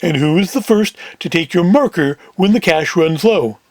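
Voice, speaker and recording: A man voicing a big, menacing male gangster from Chicago, who talks in a slow, terse and demanding way in a cold-read of a script. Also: high-pitched, lively intonation, a little mellow, no echo.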